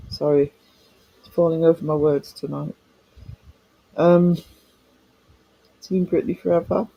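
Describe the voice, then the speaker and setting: Speaking slowly with long pauses, a man on a live stream chats casually and greets viewers by name using affectionate pet names, his voice cracking a little. He has a high, darkish-toned voice, captured in a rough recording.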